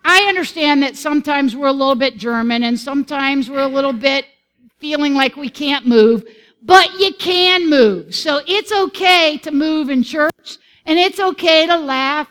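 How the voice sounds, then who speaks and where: High-pitched woman pastor, upbeat and encouraging, preaching in church. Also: a bit bright. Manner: encouraging, leads the congregation in song. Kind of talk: sermon with congregational singing. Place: church sanctuary.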